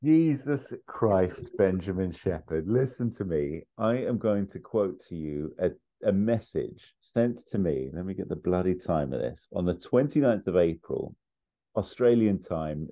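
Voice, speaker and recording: A man's voice: low voice, expressive, unhurried, warm tone. A man giving casual, enthusiastic feedback on a podcast, laughing often and swearing freely.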